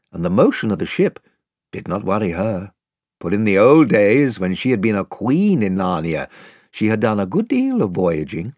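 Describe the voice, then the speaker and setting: An older man narrates a classic children's story with a very lively, expressive pitch. His voice is a little husky and sits in a middle register. The studio sound is close and completely dry. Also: normal speed, no echo. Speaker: audiobook narrator. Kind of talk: scripted narration. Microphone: close studio mic.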